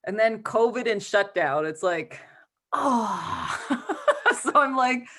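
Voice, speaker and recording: A woman's voice: fairly high pitch, expressive, slow, a bit bright. A middle-aged woman filmmaker speaking animatedly in a Q&A over a video call, laughing often and acting out quotes. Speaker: filmmaker and guest.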